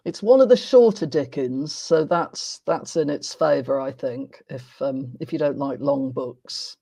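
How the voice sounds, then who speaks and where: A woman's voice: very deep voice, gravelly, husky, dry recording. Polite woman hosting a chat, wry little remarks, dry close sound. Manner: polite, measured, gently wry. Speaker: host. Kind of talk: casual conversational interview.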